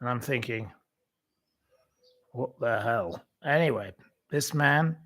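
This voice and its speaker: A man hosts his own channel in a loose, conversational way, at a middle pitch. He drifts from one aside to the next, filling gaps with ums and restarting his sentences as he tells a long anecdote. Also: expressive, takes it slowly, fairly bright tone. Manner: rambling anecdotal storytelling with many fillers. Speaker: channel host. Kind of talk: casual livestream chat.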